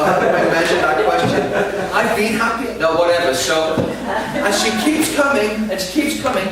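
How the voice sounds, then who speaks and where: A man giving a sermon, telling a humorous, self-deprecating story to an audience in a large hall. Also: sits high. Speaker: preacher. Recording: echoey hall, distant mic, background noise.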